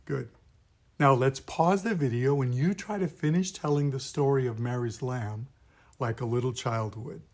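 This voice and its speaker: A man, a pastor, teaching puppet voices in a gentle, patient, step-by-step lesson. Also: mid-range voice, normal speed. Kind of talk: instructional video lesson.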